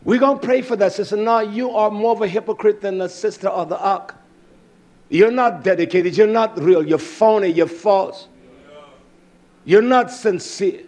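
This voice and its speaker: A man preaching a fiery sermon, fervent and emphatic, drawing out words and breaking into shouts. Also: high-pitched, normal speed.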